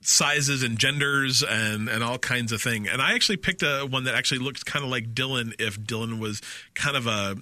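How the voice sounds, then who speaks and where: Bright-voiced, chatty man in a dry booth. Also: mid-range voice, normal speed, no room sound. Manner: rambling, laughs easily. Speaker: podcast co-host. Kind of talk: casual chat.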